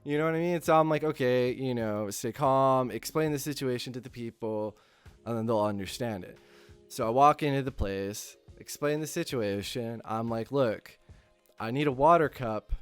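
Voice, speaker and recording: A man hosting his channel, telling a casual anecdote with constant swearing and lively acting out of his own lines. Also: medium pitch, smooth. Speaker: channel host.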